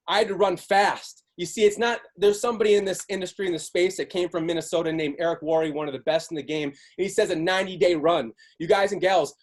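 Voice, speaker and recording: A young man giving a hype motivational speech to his sales team, animated and shouty, chanting repeated lines. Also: sits high. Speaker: team leader on a sales call.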